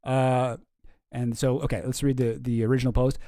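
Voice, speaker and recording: A man's voice: medium pitch, level tone, moderate pace, mellow, no room sound, clean studio sound. A man hosting a casual commentary stream, reading news posts aloud with sarcastic, swearing asides. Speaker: streamer host.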